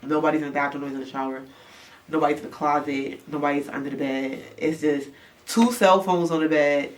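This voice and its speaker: A young woman from New York, casually telling a story, animated and swearing, acting out the voices. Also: sits low, brisk. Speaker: rapper. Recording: distant mic, background noise.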